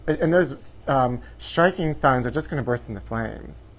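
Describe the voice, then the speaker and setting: A man's voice: medium pitch, expressive, moderate pace. A man hosting a live show from his apartment, chatty and theatrical, sprinkling "honey" through his campy gossip. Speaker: host.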